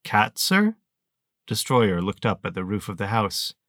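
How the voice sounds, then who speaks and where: Low-voiced man narrating an audiobook. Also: no echo, studio quality. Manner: steady, measured storytelling.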